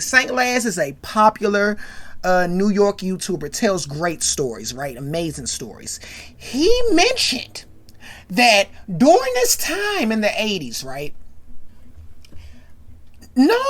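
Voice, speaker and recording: Excitable woman hosting a casual rant. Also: on the high side. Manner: animated, excitable, keeps tagging lines with "right?". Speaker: host.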